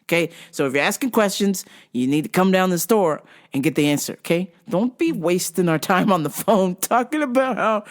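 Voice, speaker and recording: Animated profane woman in her thirties. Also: on the low side, normal speed, few pauses. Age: 30s. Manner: profane, laughs often, animated. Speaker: podcast host. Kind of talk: casual comedic storytelling.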